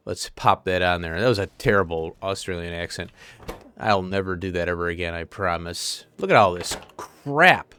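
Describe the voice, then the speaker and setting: A man's voice: low-pitched, moderate pace, bright, forceful tone, smooth, no echo. A man giving casual, rambling commentary as he plays a game, thinking aloud and chuckling to himself. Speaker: let's play host.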